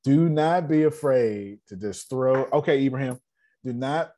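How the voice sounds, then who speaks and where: A man's voice: medium pitch, a little slow, mellow. A man coaching an online business meeting in a blunt, joking way, repeating his phrases with a preacher-like rhythm. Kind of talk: animated motivational talk.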